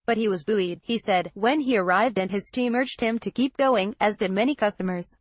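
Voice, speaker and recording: A woman reading a news feature in a measured, scripted narration, reading quoted lines in the same even voice. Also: mid-range voice, no echo. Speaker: news reader.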